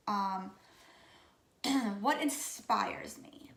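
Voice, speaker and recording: A woman in her late thirties from Louisiana, with a Louisiana accent, who sounds raspy and sick, chatting casually and goofily to camera about herself. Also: on the high side, animated, moderate pace, a bit bright, roomy sound, a little hiss or hum. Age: 30s. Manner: goofy, chatty. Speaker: vlogger. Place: room at home.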